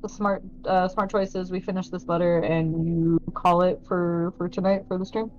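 A woman's voice: on the low side, little pitch movement, normal speed, darkish tone, highs cut off. A woman co-hosting a game stream, teasing her partner and laughing often. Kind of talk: casual game stream chat.

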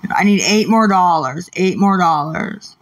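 Angry slow-talking woman streamer. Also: lowish voice, animated, distant mic. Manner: irritated, swearing, arguing back at chat. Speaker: livestreamer. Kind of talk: late-night livestream talk with chat.

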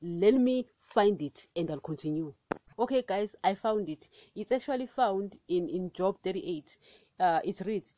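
A woman's voice: mid-range voice, animated, moderate pace, warm tone, dry recording. A woman hosting a Christian podcast, preaching with fervent emphasis and calling her listeners "guys".

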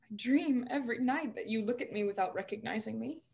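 A young woman playing a troubled young actress in a stage drama over a video call, emotional and often dropping to a hushed near-whisper. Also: a little high, fairly quick, vocal fry. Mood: wistful. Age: young adult. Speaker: student actor. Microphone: video call microphone.

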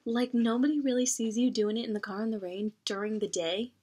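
A woman's voice: fairly high pitch, fairly even intonation, fairly quick, dark tone, slightly rough. A young woman in casual book vlog chat, talking expressively with lots of fillers, recorded at home on a camera mic. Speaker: book vlogger.

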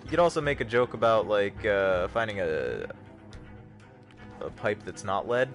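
A young man hosting a livestream, giving casual, jokey gameplay commentary with sudden excited yelps. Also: lowish voice, unhurried, soft background music. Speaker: livestream host.

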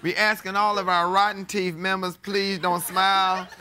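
An actor playing a church announcer reading silly announcements in a slow, solemn pulpit manner, in a live comedy sketch. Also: male voice, high voice, level tone. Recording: live stage, loud audience laughter and noise.

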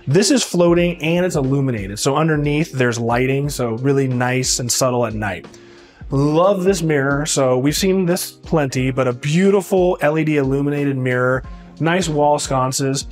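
A man giving a casual, upbeat walkthrough of a house as a real estate agent, repeating words of praise as he moves from room to room indoors. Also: fairly high pitch. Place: indoors walking through a large house.

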